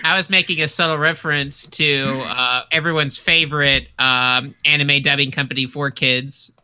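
A playful comedy podcast co-host who jumps into the conversation with quick jokes. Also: medium pitch, fairly even intonation, sharp tone, clear, resonant tone, no room sound. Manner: playful, jumps in with silly voices. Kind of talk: casual comedy podcast banter.

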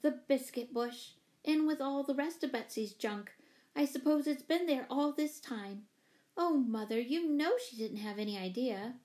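A woman voicing an excitable young girl in a storybook, lifting her voice higher. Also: a little slow. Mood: miserable.

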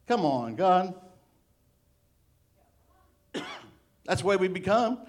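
A middle-aged male pastor giving a sermon, animated and playful, acting out little voices as he preaches. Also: high voice, takes it slowly, pauses often.

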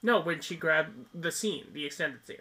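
A man with a bright, forceful and slightly high voice recaps a movie for his podcast co-host. He tells the story in an animated way and breaks into laughter often. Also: moderate pace. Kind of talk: casual film review chat.

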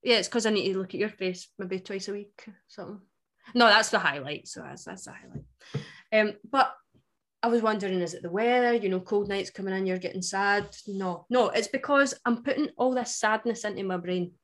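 A woman's voice: medium pitch, brisk. Chatty Scottish woman podcast co-host. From Scotland. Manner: chatty, wry and animated. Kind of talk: casual chat.

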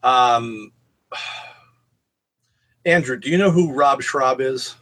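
A man's voice: mid-range voice, extremely slow, a bit bright. A man co-hosting a podcast, telling rambling anecdotes in casual chat and swearing freely. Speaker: podcast co-host.

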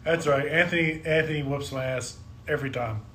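A man chatting casually on a podcast in a relaxed way, filling his sentences with 'like' and 'uh'. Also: a little high, fairly quick, a little hiss or hum. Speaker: dungeon master. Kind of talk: casual chat.

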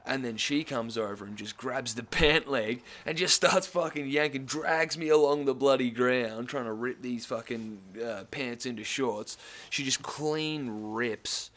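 A young man with a medium-pitched, slightly bright voice spins a casual story in an Australian accent. He's easygoing, swears a lot, and laughs briefly here and there.

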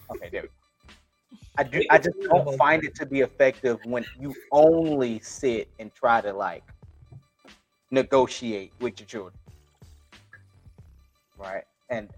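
A man talking bluntly in a casual podcast chat, swearing freely and circling back on his own sentences. His voice sits at an ordinary middle pitch, and faint music plays underneath. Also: fairly bright tone. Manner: blunt, profane, rambling with restarts. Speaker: podcast co-host.

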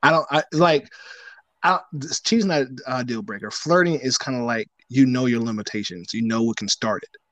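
A man's voice: mid-range voice, moderate pace, a bit bright, dry recording. A man co-hosting a casual podcast chat, telling stories with lots of joking and playful asides. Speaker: podcast co-host.

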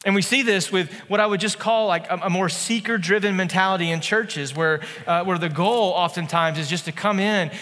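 A man in his thirties preaching a sermon in a church, conversational and animated, with playful asides. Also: sits high, fairly quick, few pauses, in a large hall. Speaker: pastor.

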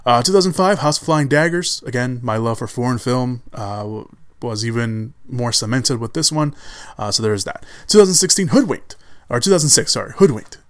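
A man with a mid-range voice hosts a solo film podcast in loose, casual chat. He rambles, circles back and restarts his sentences, warmed by an easy enthusiasm and the odd laugh. The sound is dry and close, with no room around it. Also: mid-range voice, fairly quick, no room sound. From Chicago area, USA. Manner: rambling, many restarts and fillers; enthusiastic about films, laughs often. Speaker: podcast host.

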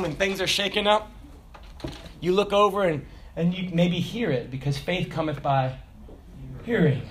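A middle-aged male pastor with a high voice preaches an animated sermon. He asks the congregation questions and waits for their answers. He rises to loud exclamations, then drops to quiet asides. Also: a little hiss or hum. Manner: animated call-and-response preaching, swinging between loud bursts and quiet asides.

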